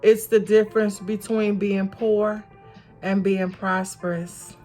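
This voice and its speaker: Slow, earnest woman vlogger testifying. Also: mid-range voice, flat delivery, warm tone, soft background music. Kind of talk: motivational personal vlog.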